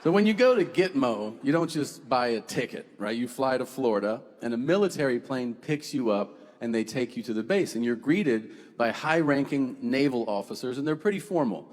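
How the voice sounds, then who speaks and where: A man's voice: mid-range voice, normal speed, few pauses. A man performing a stand-up comedy set, telling stories and acting out what people said. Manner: animated storytelling with acted-out quotes. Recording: live stage mic with hall reverb. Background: audience laughter.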